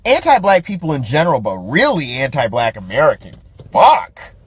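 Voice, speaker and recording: A man's voice: mid-range voice, wildly swooping pitch, fairly quick, a bit bright, slightly rough, dry recording. A man hosting a podcast, ranting about a movie in profane, casual commentary, laughing often and restarting his sentences. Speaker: podcast host.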